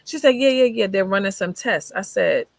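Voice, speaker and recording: A woman's voice: mid-range voice, expressive, moderate pace, creaky, dry recording. Woman vividly retelling a hard memory. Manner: vivid retelling, acting out what others said. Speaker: guest sharing her life story. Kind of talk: personal storytelling in a conversation. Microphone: video call.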